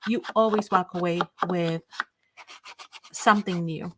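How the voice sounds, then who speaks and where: A woman's voice: on the low side, steady tone, a little slow, background noise. A woman hosting a craft live stream, chatting casually with viewers in an enthusiastic, rambling way.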